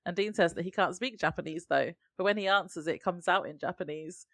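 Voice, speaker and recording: A woman co-hosting a podcast, narrating the plot of a TV episode in a steady, chatty way. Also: on the low side, brisk, no echo. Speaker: podcast co-host. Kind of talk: casual chat recapping a TV episode.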